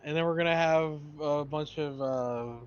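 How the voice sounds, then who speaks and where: A man chatting on a gaming stream, spinning rambling deadpan joke scenarios. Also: on the high side, unhurried, smooth. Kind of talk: casual gaming chat. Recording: dull lo-fi mic with faint noise.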